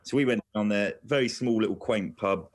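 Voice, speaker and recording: A man on a radio show as a guest, telling a funny story in an animated, chuckling way. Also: lowish voice, fairly quick.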